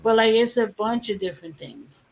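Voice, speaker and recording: A woman's voice: fairly high pitch, expressive, normal speed, vocal fry, a little hiss or hum, low-quality recording. A woman in a casual chat, talking things through reflectively with fillers.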